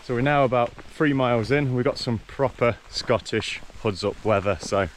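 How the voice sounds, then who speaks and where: A man's voice: medium pitch, moderate pace, a little hiss or hum. Man mid-range voice, easygoing walking vlog outdoors, faint countryside sounds behind. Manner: chatty, easygoing, lots of ums and restarts. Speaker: vlogger walking a long-distance trail. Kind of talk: casual walking vlog commentary. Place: outdoors on a rural trail.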